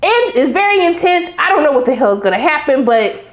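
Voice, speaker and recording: A young woman giving a casual, animated TV episode recap, talking back sassily to the characters. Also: sits high, a little fast, roomy sound. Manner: animated and sassy, acts out reactions to the characters. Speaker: TV recap reviewer.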